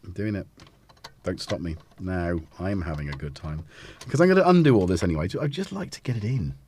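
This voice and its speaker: A man's voice: low voice, expressive, fairly quick, a little mellow, slight background noise. A man hosting a casual live stream, talking in a rambling, self-interrupting way while he fits synth modules into a case. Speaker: host.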